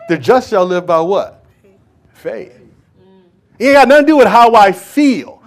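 Preaching man with a fairly high voice. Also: lively intonation, unhurried. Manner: dramatic preaching, swings from hushed to loud and back; acts out dialogue with Bible figures. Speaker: pastor. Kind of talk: sermon.

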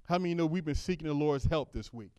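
A man's voice: on the high side, quick pace, clear, resonant tone, no echo. Fervent preaching man, dry close sound. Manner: conversational preaching, reads scripture aloud, rises to loud fervent calls. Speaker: pastor. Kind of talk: sermon.

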